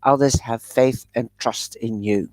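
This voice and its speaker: Slow-talking woman tarot reader. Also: very deep voice, fairly even intonation, dark tone. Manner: chatty, showers viewers with endearments. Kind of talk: live-stream tarot reading.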